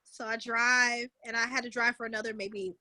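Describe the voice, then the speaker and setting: Bright-voiced, animated woman storyteller. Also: a little high, moderate pace, dry recording. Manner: animated, vivid storyteller who leans on "like" and "honey". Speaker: guest, founder of a moms' group. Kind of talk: storytelling in a conversation.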